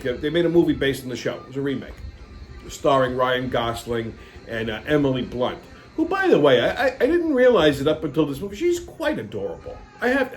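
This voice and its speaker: A man in his fifties hosting his own show, ranting casually and profanely with lots of animation. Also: fairly high pitch. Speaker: host. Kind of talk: casual monologue.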